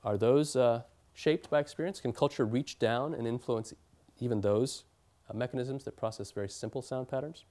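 A man's voice: mid-range voice, moderate pace, dark tone. Man giving an academic lecture. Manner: explanatory, with fillers and restarts. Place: lecture hall.

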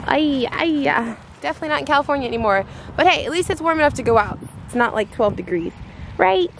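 A woman's voice: high-pitched, brisk, background noise. A young woman and mother chatting casually to camera, laughing often and talking sweetly to her kids. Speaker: vlogger, mother. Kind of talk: casual vlog chat.

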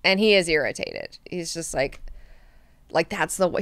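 Animated woman hosting a book club. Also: fairly low pitch, moderate pace, gravelly, dry recording, clean studio sound. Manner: animated, enthusiastic, swears freely. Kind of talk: casual book discussion.

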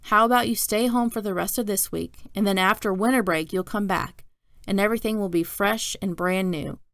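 Woman reading patient male school principal, storybook, measured and serious, slightly gravelly, dry close sound. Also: mid-range voice, fairly bright tone, no echo, natural voice.

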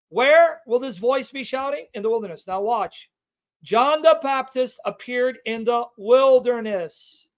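A man's voice: extremely high pitch, expressive. A man hosting a livestream Bible teaching, reading scripture aloud and stressing key words again and again. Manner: emphatic, repeats key words to drive the point home; reads scripture aloud with slow stressed delivery.

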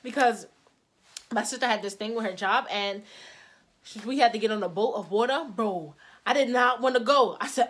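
A young woman chats through a casual storytime vlog in loose, slangy speech. She is animated and acts out the voices in her quotes. Her voice sits a little high. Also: normal speed. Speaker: vlogger.

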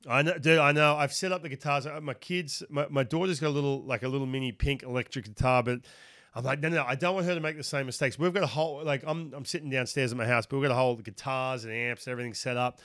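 A man's voice: mid-range voice, fairly even intonation, fast, fairly bright tone, dry recording, clean studio sound. A man with an Australian accent hosting a podcast interview, talking animatedly with a lot of restarts and fillers. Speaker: podcast host. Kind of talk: casual interview chat.

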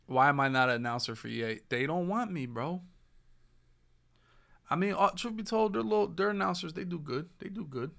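A young man talking casually on his podcast, cracking jokes and trash-talking. His voice sits a little high and sounds bright and forceful. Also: expressive, a little fast, gravelly. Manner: loose, joking trash talk. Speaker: podcast host. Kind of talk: casual chat while streaming.

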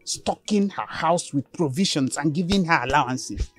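Husky, scheming friend with a Nigerian accent, scolding insistently. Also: female voice, low voice, animated, moderate pace, soft background music. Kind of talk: Nollywood film acting.

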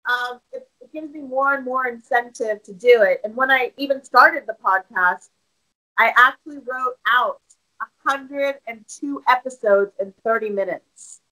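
A woman podcaster talking about her show in an interview, open and animated, often restarting her sentences. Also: fairly high pitch, measured pace, poor audio. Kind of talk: casual interview conversation.

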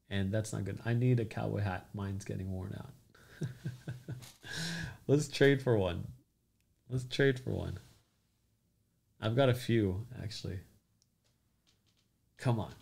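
Creaky-voiced man hosting a chatty stream. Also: fairly low pitch, moderate pace, pauses often. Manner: loose, joking, greets commenters by name. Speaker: crypto livestream host. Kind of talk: casual livestream chat reading comments.

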